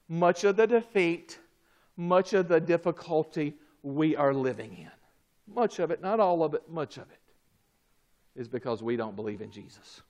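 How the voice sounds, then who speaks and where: Here a man gives a sermon at an unhurried, measured pace, his voice rising to booming emphasis and then dropping to murmured asides.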